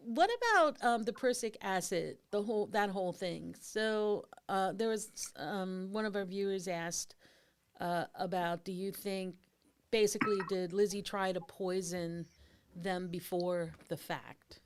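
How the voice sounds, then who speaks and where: A woman co-hosting a podcast, asking rambling, animated questions in casual talk. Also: medium pitch, a little slow, a little hiss or hum. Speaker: podcast co-host. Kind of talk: casual conversation.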